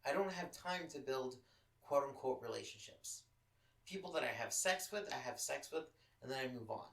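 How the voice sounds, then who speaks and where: A man's voice: mid-range voice, lively intonation, moderate pace, vocal fry, fairly bright tone, roomy sound, recorded from a distance, rough recording. A man from Los Angeles hosting a podcast, telling a personal story in casual chat, candid and full of swearing. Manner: profane, candid, emotional storytelling. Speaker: podcast host.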